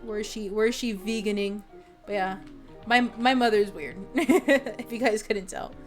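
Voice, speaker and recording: A young adult woman streamer chats casually with her viewers, rambling along with plenty of fillers and giggles. Her voice sits at medium pitch and moves a little slowly, with soft music playing in the background.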